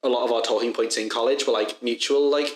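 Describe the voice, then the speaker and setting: A young man with a Liverpool accent telling a story in casual podcast chat, animated and swearing freely. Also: medium pitch, quick pace. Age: young adult. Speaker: podcast co-host. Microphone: badly placed mic. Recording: echoey room.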